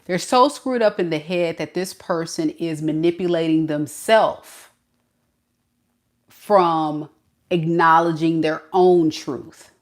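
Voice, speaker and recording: Woman, tarot reader, lowish voice, animated, laughs a lot. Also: slow pace. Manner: animated, laughing, acts out the other person's thoughts. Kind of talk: tarot reading to camera.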